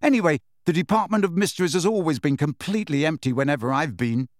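A man voicing an agitated teenage boy wizard who speaks urgently and shouts, in an audiobook reading. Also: a little high, fast, no room sound, clean studio sound, pitched above the performer's own voice, natural voice. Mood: urgent, shouting.

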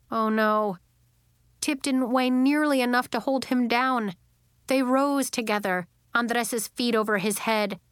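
Female narrator for a children's book: slow, gentle read, dry close-miked sound. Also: medium pitch, smooth, no echo. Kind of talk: storybook read-aloud narration.

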